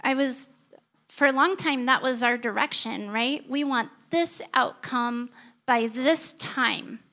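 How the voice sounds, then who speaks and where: A woman's voice: high-pitched, slow, pushed and bright. A woman pastor preaching a sermon, telling personal stories in an earnest way.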